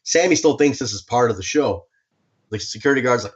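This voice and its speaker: A man co-hosting a podcast, telling a story casually, animated and swearing, with lots of restarts. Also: mid-range voice, a little fast, highs cut off. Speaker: podcast co-host.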